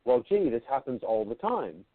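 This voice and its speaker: A man hosting a radio interview, reflecting back on what his guest said in a slow, thoughtful way with hesitant fillers. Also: medium pitch, sing-song, no echo. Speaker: radio show host. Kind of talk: interview conversation. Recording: tinny phone-like, dry.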